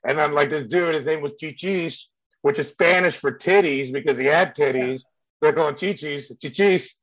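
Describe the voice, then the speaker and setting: A man's voice: fairly high pitch, normal speed, a bit bright, no echo, lo-fi sound. A male comedian telling a story in casual chat, rambling and profane with many fillers.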